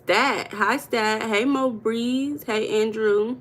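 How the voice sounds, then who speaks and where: A woman's voice: medium pitch, slow, few pauses, fairly bright tone. A woman from the United States hosting a casual livestream, greeting viewers by name and talking about money mindset in a chatty, playful way.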